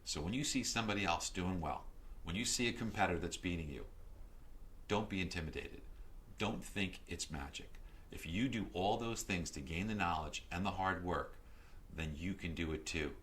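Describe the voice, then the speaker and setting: A middle-aged man as a podcast guest, telling stories in a lively, animated way that grows loud and excited. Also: low-pitched, moderate pace, a little hiss or hum. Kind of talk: casual interview storytelling.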